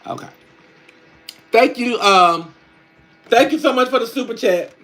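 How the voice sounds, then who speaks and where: A man's voice: very high-pitched, measured pace, bright, forceful tone, exaggerated voice. A man playing a sassy middle-aged country woman, chatting in country slang on a live stream. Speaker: livestream host. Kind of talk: casual live-stream chat.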